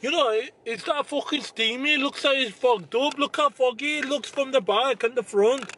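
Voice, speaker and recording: A man's voice: very high voice, normal speed, bright, forceful tone, a little hiss or hum. A young man hosting a casual vlog, teasing and swearing in banter with a friend outdoors by a car. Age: young adult. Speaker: vlogger host.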